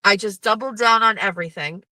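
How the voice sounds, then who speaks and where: Bright-voiced profane woman telling a story. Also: medium pitch, no echo, low-quality recording. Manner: chatty and profane, quoting others in quick back-and-forth. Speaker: host. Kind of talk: casual storytelling monologue.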